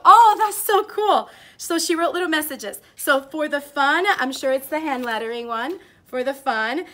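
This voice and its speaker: Bright, high-pitched gushing woman vlogger. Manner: gushing, excitable, says like a lot. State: tearful, emotional. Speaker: teacher vlogger. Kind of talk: casual unboxing vlog.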